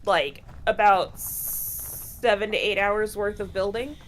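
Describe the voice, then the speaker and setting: A woman's voice: mid-range voice, fairly even intonation, slow pace, slight background noise. A woman a little tipsy, chatting loosely on a stream and swearing casually.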